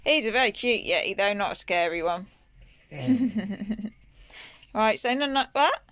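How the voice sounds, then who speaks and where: A woman gently and playfully coaxing her small daughter through a bedtime chat. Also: mid-range voice, unhurried, no echo. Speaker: mother filming with her daughter.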